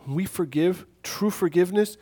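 A man gives a relaxed, talky sermon in a voice sitting a little above the usual male range. He speaks like he is chatting with the congregation, poking fun at himself as he tells a story from his own life. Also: sits high, normal speed. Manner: conversational, self-deprecating, chuckles at himself. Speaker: preacher.

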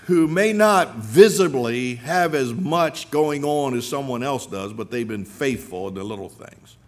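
Preaching with earnest emphasis, a middle-aged male pastor reads scripture and tells stories from his own life. He raises his pitch and loudness to stress key points and acts out the people he quotes.

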